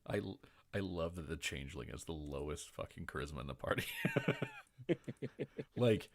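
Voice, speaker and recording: A man narrating as game master in a rambling, halting way with many fillers. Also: deep voice, wildly swooping pitch.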